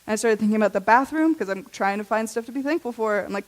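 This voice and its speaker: Chatty young woman with a high voice. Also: fast talker, hardly any pauses. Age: young adult. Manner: chatty and self-deprecating, laughs often, many "like"s. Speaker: junior high intern giving a talk. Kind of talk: personal testimony at a youth service. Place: church service hall.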